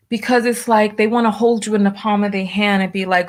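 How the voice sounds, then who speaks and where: A woman's voice: medium pitch, steady tone, normal speed, few pauses. A woman hosting her own livestream show, talking casually and venting her frustration, with many restarts.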